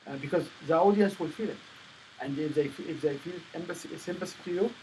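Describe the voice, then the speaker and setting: A man coaching a student on stage presentations, speaking in halting phrases with many restarts. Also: a little high, mellow, a little hiss or hum, poor audio. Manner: non-native phrasing, repeats and restarts. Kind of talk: coaching session.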